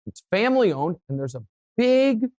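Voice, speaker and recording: A male sports talk host chatting casually in a dry studio with no room echo. He tells stories with animation and pushes his voice higher as he gets fired up. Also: normal speed. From Kansas City area, USA. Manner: animated storytelling, voice rising when worked up.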